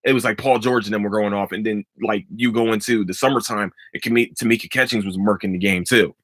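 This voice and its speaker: A man hosting a casual sports podcast, giving emphatic, profane opinions in an animated way. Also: lowish voice, fast, no echo. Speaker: podcast host.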